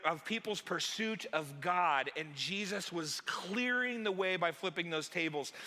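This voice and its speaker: A male pastor preaches in a loose, joking way, his voice pitched high for a man. His tone is bright and sharp, and it carries a long reverb from a church hall. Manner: chatty, joking, animated. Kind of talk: sermon.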